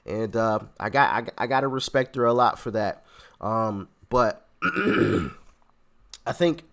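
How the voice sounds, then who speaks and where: A man with a mid-range voice hosts casual reaction commentary for his viewers. He is animated and conversational, and he often restarts phrases as he works out his point. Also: mid-range voice, slow, gravelly. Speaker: commentary channel host.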